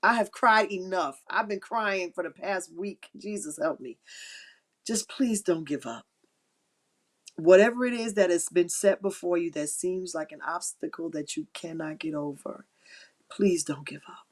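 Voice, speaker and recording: A middle-aged woman with a somewhat low voice hosts an inspirational faith talk on a live stream. She speaks in a heartfelt, encouraging way and repeats her key phrases. She sounds emotional and close to tears. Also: a little slow. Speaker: livestream host.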